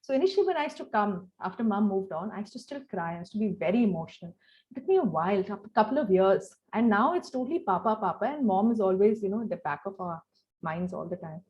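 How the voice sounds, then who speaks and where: A woman in her forties with an Indian English accent, chatting warmly and emotionally, telling personal stories with many fillers. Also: mid-range voice, fast, muffled recording. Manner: emotional, animated, warm storytelling with many fillers. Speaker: host. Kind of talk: casual heartfelt chat.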